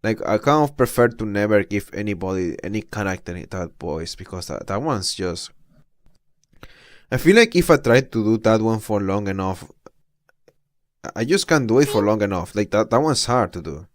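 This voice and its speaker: Brief: casual male streamer, low and laid-back, dry. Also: expressive, moderate pace, dry recording. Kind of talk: casual reaction commentary.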